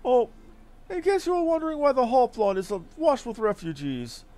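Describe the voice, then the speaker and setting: Guy doing a chatty posh noble from a game, high and swoopy, very theatrical. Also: huge pitch swings, normal speed, mellow, exaggerated voice. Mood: breezy. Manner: airy, theatrical, upper-crust lilt. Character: foppish cheerful male aristocrat, chatty and airy. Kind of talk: reading game dialogue aloud.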